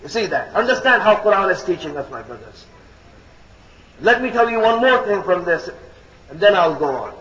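High, bright male preacher; emphatic, repetitive sermon delivery in an echoing hall. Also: big pitch swings, moderate pace, a little hiss or hum. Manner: emphatic, repeats key phrases; addresses listeners as brothers and sisters. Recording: echoey hall, dull lo-fi sound.

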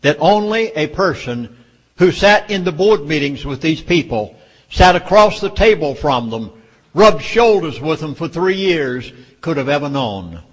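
A man's voice: fairly high pitch, lively intonation, measured pace, breathy edge. A man with a Southern US accent gives an urgent, emphatic speech to a public meeting, lecturing his listeners. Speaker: public speaker. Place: meeting hall with audience. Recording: long hall reverb.

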